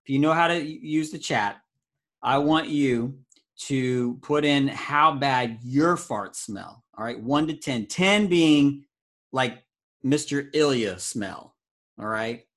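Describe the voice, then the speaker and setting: A man's voice: medium pitch, slow. A playful man hosts a children's ministry meeting over a video call. He talks in a loose, goofy way and reacts to things with easy amazement. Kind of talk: casual video call with kids.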